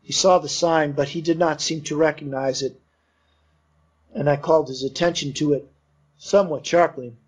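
A man narrating an audiobook in a measured, steady storytelling voice. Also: fairly high pitch, husky. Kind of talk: audiobook reading. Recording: dull lo-fi recording.

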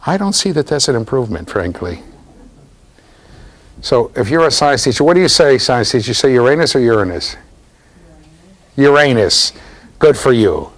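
A man lecturing a university class in a lively, jokey way, talking straight to the students. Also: medium pitch, normal speed, pauses often. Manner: animated, jokey, talks to students directly.

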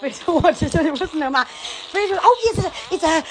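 Giddy high-voiced woman live-streaming. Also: fairly quick, very noisy. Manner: giddy and excitable, laughing and squealing often. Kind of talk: casual live-stream chat.

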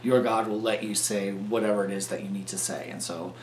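A man's voice: fairly low pitch, level tone, fairly quick, a little hiss or hum, voice pushed down, lightly acted. A man voicing a scheming ancient king who coaxes and bargains with a prophet, in a storytelling chapel talk. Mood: coaxing. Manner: coaxing, bargaining. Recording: roomy echo with faint ambience.

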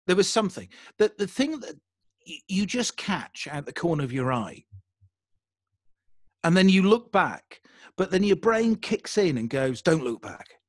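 A young adult English man telling a story in a casual interview, animated and self-deprecating. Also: a little high, no room sound, studio quality. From England. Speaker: podcaster guest.

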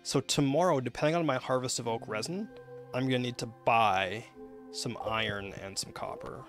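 A man's voice: mid-range voice, normal speed, fairly bright tone, soft background music. A man with a Canadian accent streaming a game live, rambling and chatting with viewers through lots of fillers and restarts. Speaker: gaming livestreamer.

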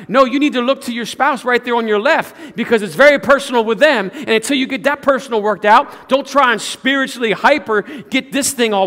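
High-voiced joking pastor in echoing church. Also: male voice, a little fast, hardly any pauses, sharp tone. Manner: playful, joking, asks the crowd rhetorical questions. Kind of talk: sermon. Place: church sanctuary. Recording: long church reverb.

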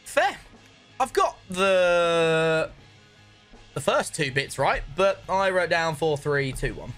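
A gaming channel host chats casually about a football video game, joking around and calling his guest "mate" a lot. His voice is fairly high with lively intonation and a bit bright, and he takes it slowly over soft background music.

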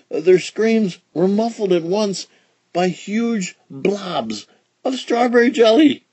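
A man reading a children's storybook aloud with expressive, dramatic storytelling. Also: high-pitched, slow, dry recording. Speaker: storybook reader. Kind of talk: children's read-along narration.

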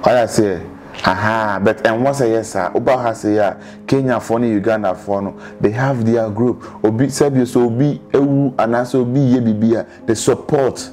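A man's voice: mid-range voice, fairly even intonation, normal speed, a little mellow, soft background music. A man from Ghana with a Ghanaian accent, talking casually as an interview guest in Dubai and switching between English and Twi with lots of restarts.

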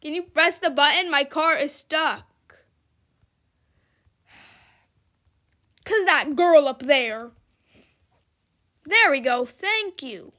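A woman's voice: sits high, expressive, extremely slow, pauses often, pushed and bright. A young woman giving casual, exclamatory commentary while playing a game, often frustrated and laughing. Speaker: gamer.

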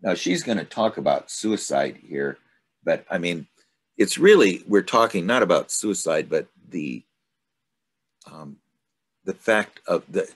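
A man leading a study group, reading aloud from a story and commenting on it in an unhurried, thoughtful way. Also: low voice, big pitch swings, husky. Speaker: study group discussion leader.

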